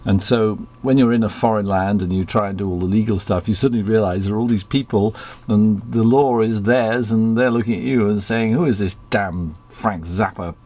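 Thoughtful Englishman with softened posh accent. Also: lowish voice, steady tone, a little fast. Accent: English, softened received pronunciation. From England. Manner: rambling and reflective, with frequent restarts. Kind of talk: casual conversation.

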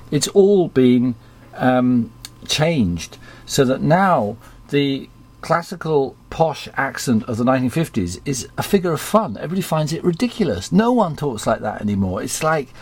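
An Englishman whose posh received pronunciation has been deliberately softened toward ordinary speech. He talks in a reflective, rambling way, restarting sentences as his thoughts shift. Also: medium pitch. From England. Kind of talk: casual conversation.

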